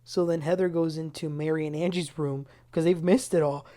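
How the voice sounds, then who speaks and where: A woman hosting a casual TV recap, animated and acting out quotes in a raised voice. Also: low voice, brisk. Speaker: recap show host.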